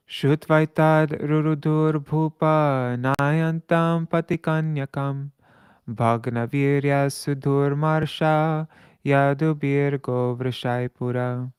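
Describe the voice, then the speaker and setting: A man reading scripture aloud with commentary. He chants verses slowly and stops to correct his own slips. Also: fairly high pitch, darkish tone, no echo. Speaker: scripture reader.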